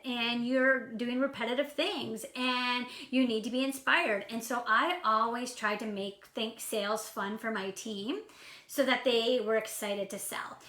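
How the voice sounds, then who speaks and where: Bubbly fast-talking woman coach, echoey room. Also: a little high, bright, forceful tone. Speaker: sales coach. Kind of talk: casual live stream talk. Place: indoor room at home.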